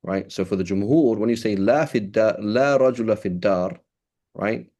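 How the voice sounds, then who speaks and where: A man gives a classroom lecture in a loose, conversational way. He often trips into restarts and keeps checking with "right?", dropping Arabic terms into his English. His voice sits a little low. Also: racing, dark tone. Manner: switches between English and quoted Arabic terms. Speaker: teacher.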